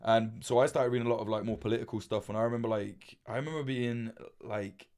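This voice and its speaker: A man's voice: medium pitch, steady tone, fast talker, a little mellow. A man in his late twenties, chatting casually on a livestream, rambling with lots of fillers and swearing. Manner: rambling, swears freely, many fillers and restarts. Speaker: livestream host.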